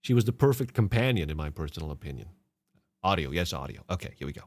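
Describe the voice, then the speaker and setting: A man's voice: deep voice, very animated, quick pace, a little mellow, dry recording. A man hosting a podcast and reacting to game clips in casual commentary, sarcastic and mocking, swearing and laughing often. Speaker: podcast host.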